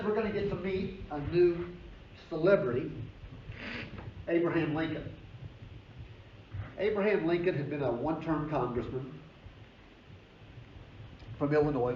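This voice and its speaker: A man's voice: on the high side, normal speed, pauses often. A male history professor giving a classroom lecture, telling the story with energy and emphasis and dropping casual asides. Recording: roomy, dull lecture recording with faint noise.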